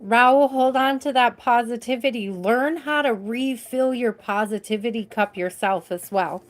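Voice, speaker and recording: A woman's voice: on the high side, a little slow, faint music behind. Tired woman giving an encouraging tarot reading. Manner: warm encouraging, spiritual pep talk, reads names from chat; tired, yawning. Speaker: tarot reader. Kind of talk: live-stream tarot reading.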